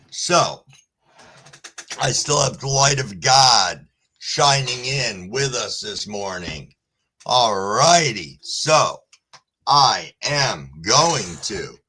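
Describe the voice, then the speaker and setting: A man hosts a casual live stream, slow and unhurried in his delivery. His voice is bright and forceful, and he swears freely and apologizes a lot. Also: on the low side, a little hiss or hum. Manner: laid-back, profane, apologetic. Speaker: livestream host. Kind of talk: casual livestream chat.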